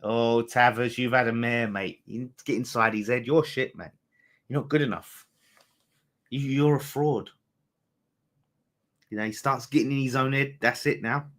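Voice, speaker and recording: A man hosting a live fan watchalong of a football match, talking excitably to his viewers, swearing freely and bantering as the play unfolds. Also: medium pitch, moderate pace, long pauses. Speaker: fan channel host.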